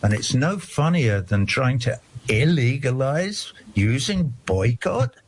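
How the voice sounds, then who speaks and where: A man's voice: mid-range voice, big pitch swings, takes it slowly. An older man, talking in a rambling, digressive, indignant way during a casual discussion.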